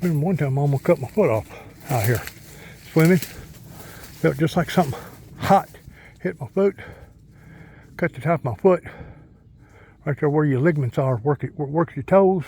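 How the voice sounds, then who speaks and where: By a pond in the countryside, a middle-aged man rambles in a folksy manner during a casual outdoor vlog, talking to his dog on the walk. His fairly high voice is animated yet a little mellow, moving at a moderate pace with frequent pauses, plus a faint hiss or hum.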